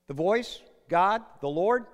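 Guy preaching, high voice that swings all over, chatty story style with little jokes, big echoey hall. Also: expressive, takes it slowly. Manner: conversational storytelling with acted quotes and asides. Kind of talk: sermon. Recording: long hall reverb.

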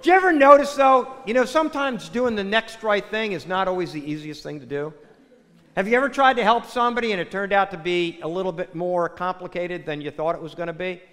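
A man preaching a sermon, telling a joke in a folksy, animated way before turning to a Bible reading. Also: high voice, fairly quick. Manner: folksy storyteller, animated with acted quotes. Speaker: pastor. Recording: long hall reverb.

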